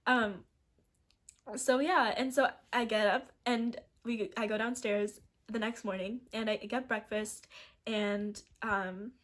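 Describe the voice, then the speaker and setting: Teen girl vlogger rambling through a storytime, says like a lot, laughs a bunch, voice a bit on the high side. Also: steady tone, slow, fairly bright tone. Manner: chatty and rambling, heavy use of "like", frequent restarts; laughs often while telling the story. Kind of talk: storytime vlog.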